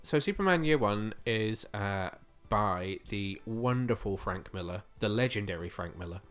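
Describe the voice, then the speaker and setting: A man's voice: lowish voice, expressive, moderate pace, a bit bright, clear, resonant tone, faint music behind. A man co-hosting a podcast, chatting eagerly with lots of fillers, his voice slightly going. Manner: chatty and enthusiastic, with frequent fillers. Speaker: podcast co-host. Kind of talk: casual podcast chat.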